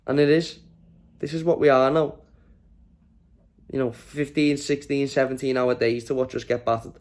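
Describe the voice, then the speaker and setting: A worn-out man rants about his team's loss straight to camera. He sounds exasperated and drained, swears freely, and pitches at an ordinary middle register for a man. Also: little pitch movement, moderate pace, pauses often, a little mellow. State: exhausted from little sleep. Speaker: fan channel host. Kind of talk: post-match reaction rant to camera.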